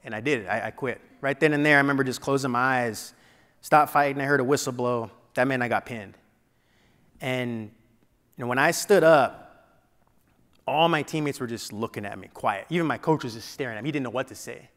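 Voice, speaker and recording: A man giving a keynote speech, telling a personal story dramatically and dropping to a hush at painful moments. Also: medium pitch, fairly quick. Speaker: keynote speaker. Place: large event hall before an audience. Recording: long hall reverb.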